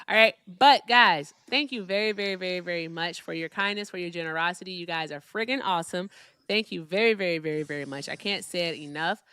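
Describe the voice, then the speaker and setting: A woman's voice: on the low side, pushed and bright, clean tone, no echo. A woman from Virginia with a Midwestern accent hosting a casual livestream, chatting and thanking viewers for their gifts. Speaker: livestream host.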